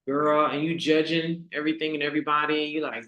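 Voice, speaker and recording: Woman hosting a chill motivational talk, keeps asking the audience questions, bright tone, kinda roomy echo. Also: low-pitched, steady tone, dull audio. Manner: conversational, asks the audience rhetorical questions; repeats key lines slowly for emphasis. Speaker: host. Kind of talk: casual motivational talk to an online community.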